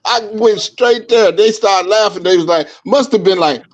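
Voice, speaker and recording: A man hosting a podcast, talking in casual chat and telling stories in a profane, animated way, acting out what people said. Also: sits high, moderate pace. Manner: animated, profane, acts out quotes. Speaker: podcast host. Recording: dull lo-fi stream audio.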